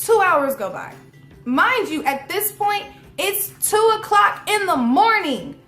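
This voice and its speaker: A young woman telling a storytime vlog in an animated, slangy and profane way. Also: extremely high pitch, takes it slowly, loud music behind the voice. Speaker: vlogger. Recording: echoey room.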